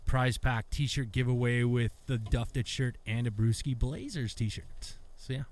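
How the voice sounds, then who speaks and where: A man's voice: medium pitch, fairly even intonation, measured pace, a little mellow, a little hiss or hum. A man co-hosting a beer-tasting podcast, chatting in a laid-back way, swearing and laughing freely. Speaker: podcast co-host. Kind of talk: casual chat.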